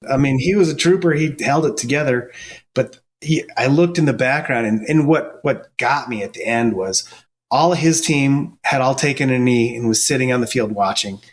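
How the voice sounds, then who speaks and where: A man's voice: mid-range voice, normal speed. A middle-aged man speaks in an ordinary mid-range voice. He tells stories earnestly and casually, often stopping and restarting his sentences. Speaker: firefighter and paramedic guest. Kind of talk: casual storytelling interview.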